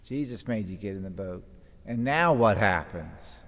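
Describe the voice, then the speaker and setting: Slow-preaching priest in a reverberant church. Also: male voice, fairly low pitch, lively intonation, fairly bright tone. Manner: dramatic retelling, voicing scripture quotes. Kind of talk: homily.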